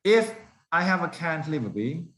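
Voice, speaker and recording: A man's voice: a little high, big pitch swings, normal speed, fairly bright tone. A man lecturing a class, often stopping to put questions to the students and repeating key points for emphasis.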